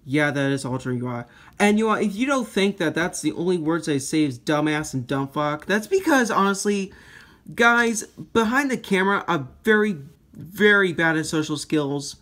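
A man giving casual commentary while demoing phone hacks, rambling and profane, quick to blow up into shouting. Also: on the high side, expressive. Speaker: iPhone jailbreak tinkerer. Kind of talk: casual screen demo commentary.

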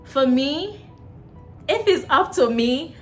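A Nigerian-accented woman vlogs casually to the camera, lively and full of fillers, her pitch jumping for emphasis. She speaks slowly over soft background music.

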